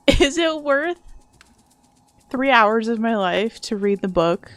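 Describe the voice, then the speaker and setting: A woman's voice: fairly high pitch, animated, takes it slowly, a bit bright, dry recording. A young adult woman streaming a video game, chatting casually and sarcastically and swearing now and then. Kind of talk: casual live-stream chat.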